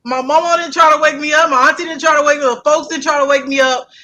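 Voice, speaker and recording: A young woman, telling a family story in casual chat, animated and fond of repeating herself. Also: high-pitched, fast talker, rough recording. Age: young adult.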